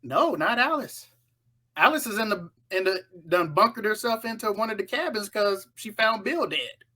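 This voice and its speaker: A woman runs through a horror film's plot in a loose, chatty way. She jumps into the characters' voices as she tells it, and her tone is bright and forceful. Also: mid-range voice, normal speed. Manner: animated, acts out the characters' lines. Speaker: storyteller recapping a film. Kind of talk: casual spoken film recap.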